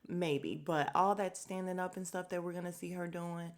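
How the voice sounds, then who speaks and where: A woman hosting a podcast, giving a blunt, opinionated recap of a reality show, swearing freely and quickly acting out the cast's lines. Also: lowish voice, steady tone. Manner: acts out cast members' lines in quick asides. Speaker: podcast host.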